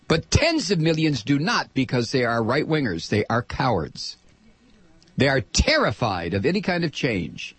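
An older man holds forth on talk radio in a combative, sarcastic monologue. His husky voice swings widely in pitch, and the studio sound is close and dry. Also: a bit bright, dry recording. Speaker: radio talk show host.

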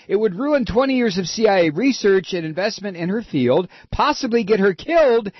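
A man's voice: high-pitched, dry recording. A man hosting a political commentary show, ranting with sarcastic exasperation. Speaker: radio commentary host. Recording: dull, dry lo-fi sound.

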